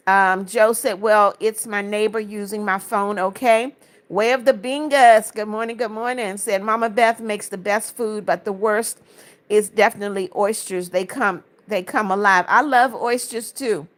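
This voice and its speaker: Woman from Florida, livestream host, reads comments aloud, friendly replies, slightly high voice. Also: a bit bright. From Florida, United States. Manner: reads viewer comments aloud and answers each one; friendly greetings and blessings to viewers. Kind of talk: casual livestream chat.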